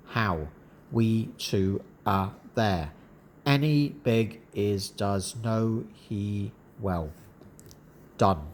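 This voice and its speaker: A man calmly narrating a children's reader and reading out vocabulary words one at a time. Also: on the low side, slight background noise. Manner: calm, measured, deliberate. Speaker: narrator and word-list reader. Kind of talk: slow educational reading.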